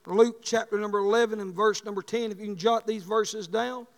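A man preaching a sermon, telling folksy stories and rising to loud bursts. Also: high voice, steady tone, a little fast, long reverb tail.

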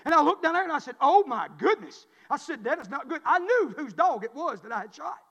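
A man in his forties preaches in a high, sharp voice. He tells a folksy story as a sermon, swinging from loud to hushed. The sound carries a long echo from the church hall. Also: lively intonation, quick pace.

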